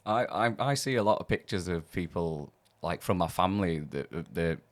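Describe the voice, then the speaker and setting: A man's voice: deep voice, expressive, normal speed. A man with a South Yorkshire accent hosting a podcast, chatty and laughing as he asks questions. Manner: chatty, laughing, friendly interviewer. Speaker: podcast host. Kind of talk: casual chat.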